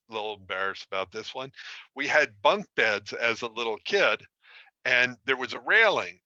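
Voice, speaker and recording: A man's voice: medium pitch, pushed and bright, dry recording, dull audio. A man teaching an online relationship course, explaining in a conversational way with self-deprecating stories. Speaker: relationship coach. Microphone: streaming from a computer.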